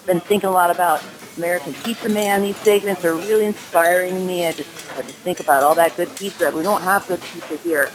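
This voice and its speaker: A woman's voice: fairly low pitch, fairly even intonation, fairly quick, crowd noise, poor audio. Chatty woman hosting a cooking segment. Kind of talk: casual segment intro.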